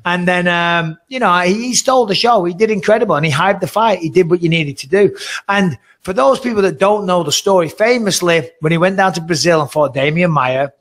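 Give me a man on a casual podcast, animated and rambling, with a slightly high voice. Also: a little fast. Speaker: podcast co-host.

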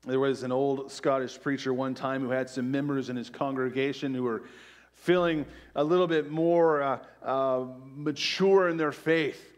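A middle-aged male pastor preaching a conversational sermon, peppered with "right?" asides and dropping to a soft hush on key phrases. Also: mid-range voice, steady tone, normal speed. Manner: drops to quiet, soft emphasis on key phrases.

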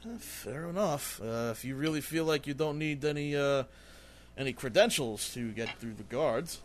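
A man's voice: medium pitch, moderate pace, natural voice. A man playing a wary male pirate captain who talks hesitantly, full of uhs. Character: wary male pirate captain handing over his ship.

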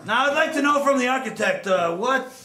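A man hamming it up loudly as an emcee in an improv comedy scene. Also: extremely high pitch, lively intonation, a little fast. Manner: loud, hammy emcee. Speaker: improv performer. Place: stage with live audience. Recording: echoey stage with audience.

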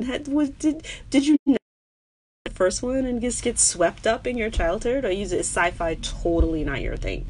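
Speaking at normal speed with a New York accent, a female comic chats casually with her live stream viewers, animated and hitting high notes when excited. Her webcam or phone audio has a little hiss or hum.

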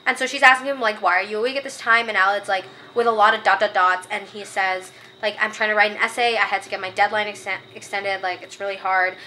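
A young woman talks through a book review in a casual, chatty way. Her voice is bright and clear. She is opinionated and gets worked up as she reads quoted passages aloud. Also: mid-range voice, fairly even intonation, fast, few pauses, a little hiss or hum.

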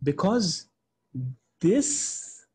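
A man teaching an Islamic studies lesson in English, explaining step by step with many repeats and restarts, and reading quotations quickly. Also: high voice, lively intonation, darkish tone, slightly rough. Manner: reads Arabic quotations quickly, then translates into English. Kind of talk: online class lecture.

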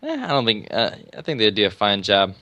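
A man's voice: fairly low pitch, wildly swooping pitch, a little fast, pushed and bright, no room sound. A man chatting casually and joking with friends while playing an online game. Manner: laughing, joking banter. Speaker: gamer. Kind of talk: casual gaming chat.

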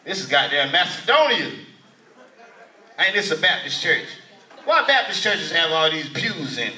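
A male stand-up comedian doing loud, profane crowd work in a church hall venue. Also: fairly high pitch, sing-song, normal speed. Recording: echoey hall, mic from far.

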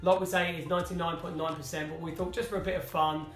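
A man's voice: fairly high pitch, level tone, fast, a bit bright. Dry-witted British man, echoey room. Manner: dry, teasing. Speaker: family vlogger. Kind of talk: casual chat, reading comments aloud. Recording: echoey room, faint music.

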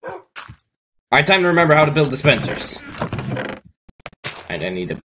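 A man's voice: on the high side, very animated, normal speed, background noise. A man hosting a let's play, chatting casually and thinking aloud as he builds. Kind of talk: casual gameplay chat.

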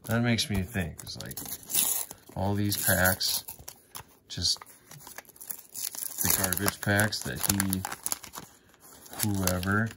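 A low, gravelly-voiced man drawls through a casual sticker pack-opening vlog, cursing at bad pulls and chatting to his viewers. Wrappers crinkle faintly behind him. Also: very slow, pauses often, background noise. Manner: swears often, grumbles at bad pulls, talks to viewers. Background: wrappers crinkling, faint clicks.

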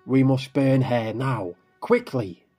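A man's voice: medium pitch, slow, dark tone, soft background music. A man voicing a zealous village preacher leading a witch-hunting mob, harsh and commanding.

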